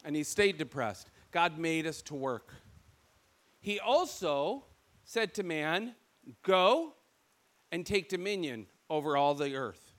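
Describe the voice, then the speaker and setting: High bright-voiced Michigan preacher. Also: male voice, slow. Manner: animated storytelling, acts out quoted voices. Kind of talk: sermon.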